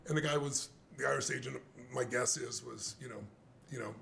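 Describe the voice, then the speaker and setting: A man's voice: mid-range voice, fairly quick, vocal fry, slight background noise. An older man telling anecdotes with energy, acting out what others said in conversation. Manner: lively anecdotes, acts out quoted dialogue. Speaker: guest speaker. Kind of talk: animated storytelling in a conversation.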